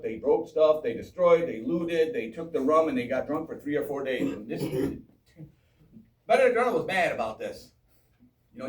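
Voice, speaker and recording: A man giving an informal history talk in a town hall, animated and joking, quizzing the audience. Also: on the high side. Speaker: history speaker. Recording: echoey hall from far off.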